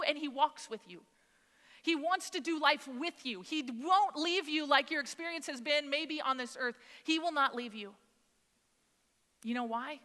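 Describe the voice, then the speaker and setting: A woman in her thirties preaches a storytelling sermon in a church sanctuary, her high-pitched voice moving at a moderate pace. She's animated and chatty, acting out the dialogue and using lots of "like"s, with the long reverb of a church hall around her.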